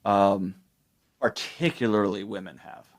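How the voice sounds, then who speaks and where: A middle-aged man explaining ideas as a podcast guest, telling stories in a lively way and acting out the people he quotes. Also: fairly low pitch, unhurried. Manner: animated storytelling, acts out quoted people. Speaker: guest expert. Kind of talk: conversational explanation.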